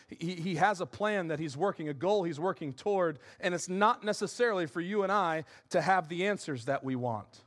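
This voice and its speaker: Male pastor, high voice, passionate sermon delivery with hushed asides. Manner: impassioned, repeats words, drops to soft asides.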